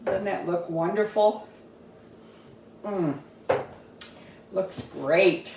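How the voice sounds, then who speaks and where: Cooking a family recipe in her home kitchen, a woman chats casually and tastes the dish as she goes, with a homey, talkative manner. Her voice is medium-pitched and very slow, picked up from far off the mic in an echoey kitchen with background noise.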